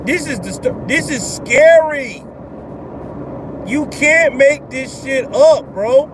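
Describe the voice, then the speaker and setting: High-voiced man ranting from a car. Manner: blunt, profane, animated. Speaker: vlog host. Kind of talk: casual ranting commentary. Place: in a car on the road. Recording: car road noise behind.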